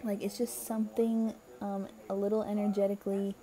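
A woman's voice: mid-range voice, little pitch movement, fairly quick, dark tone. A young woman giving a casual, encouraging spiritual card reading, chatty and full of fillers, her voice tired and a little crackly. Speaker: tarot card reader.

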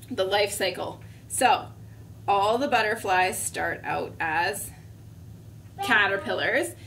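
Slow, gentle preschool teacher. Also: female voice, mid-range voice. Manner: gentle, slow, asks the children questions. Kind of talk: storybook reading and lesson for young children. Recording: distant mic, faint room noise.

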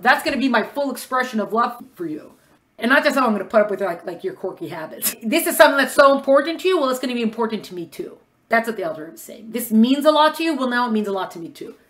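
A woman teaching a lecture class in a quick, conversational way, acting out bits of dialogue. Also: high voice, fairly bright tone. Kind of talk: lecture on religious texts.

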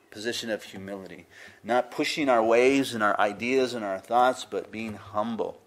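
A man preaching a sermon in an earnest, conversational way, building emphasis on key phrases. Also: on the low side. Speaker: pastor.

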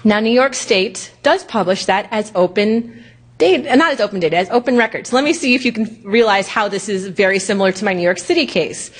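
A woman giving a lecture at a conference, animated and indignant, often mimicking officials in exaggerated voices. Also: medium pitch, fairly quick.

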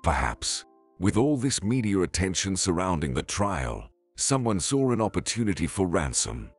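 A cornered father who deflects every question, speaking in a deep, husky voice with lively inflection, as a male narrator reads him. Soft music runs in the background. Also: normal speed, dry recording, full character voice. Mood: defensive. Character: defensive wealthy father, adult man.

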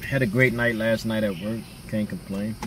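A man's voice: on the low side, fairly even intonation, moderate pace, distant mic. Laid-back man vlogger, casual slangy chat with viewers, a little off-mic, faint hum behind.

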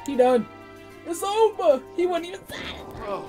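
Loud, profane high-voiced woman streamer. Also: big pitch swings, moderate pace. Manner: loud, profane, jokey, voicing her character's lines. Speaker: streamer playing a life-sim game. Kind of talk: casual gameplay commentary. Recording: game music playing loudly behind.

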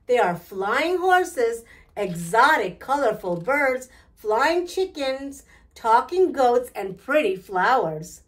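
A woman reading a children's picture book aloud in a slow, clear, deliberate way. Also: fairly high pitch. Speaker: storytime reader.

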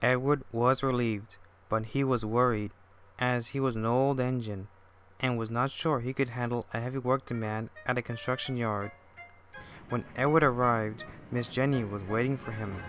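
A man reading a fan-made children's-style railway story as narrator, in a steady, plain storytelling manner. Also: mid-range voice, moderate pace. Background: faint music.

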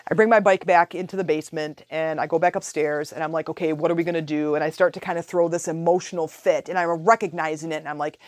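A woman hosting a podcast, telling a personal story in a casual, animated way. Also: deep voice, fast talker, few pauses, dry recording, studio quality. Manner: animated, chatty, retells her own thoughts aloud. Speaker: podcast host.

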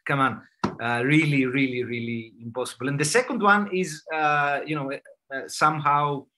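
A man's voice: mid-range voice, moderate pace, bright, forceful tone. A man hosting a live online quiz for colleagues, playful and laughing between answers, heard over a video call. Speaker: quiz host and dermatologist.

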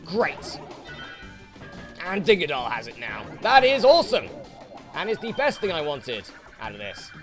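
A British man who hosts let's plays, giving excitable gameplay commentary full of swearing and frustrated outbursts. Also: on the high side, moderate pace, long pauses, music in the background. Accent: British English. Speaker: let's play host.

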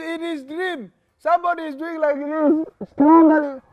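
High-voiced animated male teacher. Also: moderate pace. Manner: animated, acts out stories, call-and-response questions. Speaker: children's religious teacher and host. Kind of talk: interactive children's lesson.

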